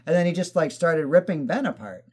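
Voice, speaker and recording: Fast-talking animated man. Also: fairly high pitch. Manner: animated storyteller, swears, acts out quotes. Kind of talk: casual chat.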